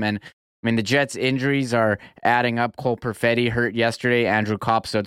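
A man's voice: medium pitch, fairly bright tone, clean tone, dry recording, clean studio sound. A man co-hosting a sports talk show, chatty, with frequent fillers and self-corrections. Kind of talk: casual radio sports talk.

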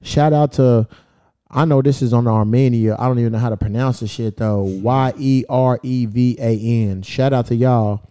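A man's voice: medium pitch, moderate pace, mellow, clean tone. A man hosting a casual podcast, talking loosely and swearing as he reads out where his listeners are. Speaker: podcast host. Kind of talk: casual chat.

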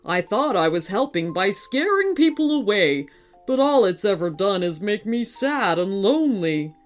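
A woman reading a children's story, voicing a lonely, gruff robot dinosaur that speaks slowly and loudly. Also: sing-song, faint music behind, close to an everyday voice. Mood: sad. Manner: slow, loud, booming.

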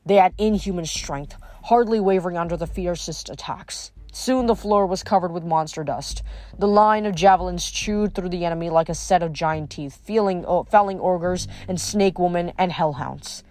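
A reader narrating a novel aloud at a steady, even pace, with small slips corrected on the fly. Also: medium pitch, moderate pace, no room sound. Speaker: audiobook reader.

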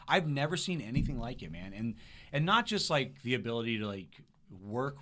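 A man's voice: medium pitch, very animated, a little fast, bright, forceful tone. A man on a podcast as a guest comedian, chatting casually in a laid-back way, swearing a lot and ending lines with "man" and "dude".

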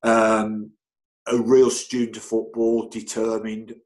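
A middle-aged man, a football physio, telling anecdotes in an interview with lively energy, often stammering and repeating words. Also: fairly low pitch, takes it slowly, low-quality recording. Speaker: football club physio, guest.

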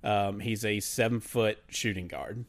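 A man co-hosting a casual sports podcast, animated and mocking, laughing as he talks. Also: on the low side, a little slow. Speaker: podcast co-host.

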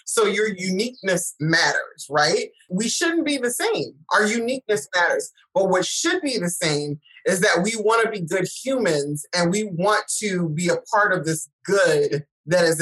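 This guest, a middle-aged woman, speaks in a husky voice on the low side, captured in poor audio. Her talk is casual and full of stories, and she animatedly acts out each voice she quotes.

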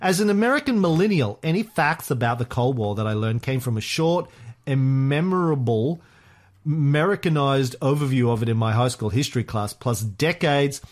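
A man's voice: medium pitch, animated, normal speed, natural voice. A man reading a listener review as a bubbly young American woman, in a put-on Valley Girl accent with an upbeat, sing-song delivery. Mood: gushing.

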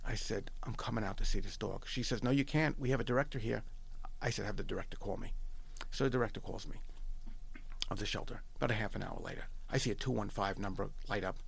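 A man's voice: fairly low pitch, fast talker, creaky, breathy edge. A middle-aged man from New York with a New York accent, telling a story as a podcast guest, emphatic and repeating himself, quoting dialogue. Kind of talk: animated storytelling.

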